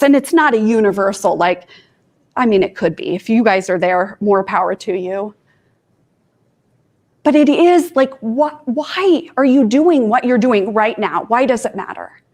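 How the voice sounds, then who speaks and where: A woman's voice: a little high, lively intonation, a little slow, a little mellow. A woman life coach from Kansas giving an informal talk to students, chatty and self-deprecating, with asides to her audience.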